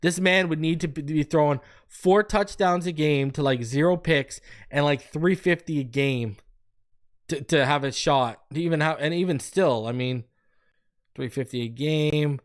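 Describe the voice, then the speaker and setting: Slow-talking man hosting a casual sports stream. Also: a little high. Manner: loose, rambling, jokey, slow and drawn out. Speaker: sports show host. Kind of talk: casual live-stream chat with shout-outs and sponsor read.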